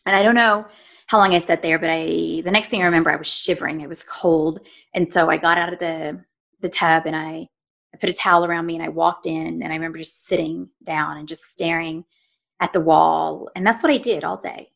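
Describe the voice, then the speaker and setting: A woman speaks as a podcast guest, recounting a personal story in an earnest, conversational way. Her voice sits on the low side, with a gravelly fry running through it. She often acts out her own inner dialogue and turns to the listener with "right?". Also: steady tone, a little fast, fairly bright tone. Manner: frequent "right?" and "you know" asides to the listener. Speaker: podcast guest, nutritionist and life coach.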